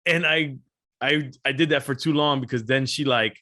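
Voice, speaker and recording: A man co-hosting a casual podcast, telling animated stories with frequent laughs and casual swearing. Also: medium pitch, moderate pace. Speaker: podcast co-host. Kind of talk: casual chat.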